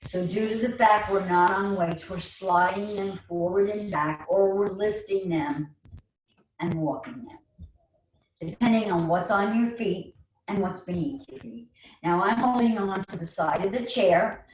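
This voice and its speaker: A woman with a New York accent leading a guided chair yoga class online, giving slow, soothing cues with playful asides. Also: medium pitch. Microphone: online video call. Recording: roomy, distant mic, faint noise.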